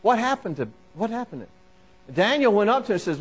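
Animated high-voiced male preacher. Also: fairly quick, husky. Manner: animated, repetitive, calls out listeners by name. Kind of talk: sermon.

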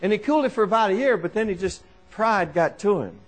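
A male preacher with a high, lively voice that leaps up and down in pitch. He preaches to a congregation in a church, repeating his points and calling out listeners by name. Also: fast. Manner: animated, repetitive, calls out listeners by name. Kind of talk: sermon.

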